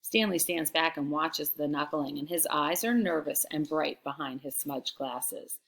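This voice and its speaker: Brief: teacher, woman, low voice, chatty, reading aloud with expression. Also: a little slow, creaky, a bit bright. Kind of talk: read-aloud lesson.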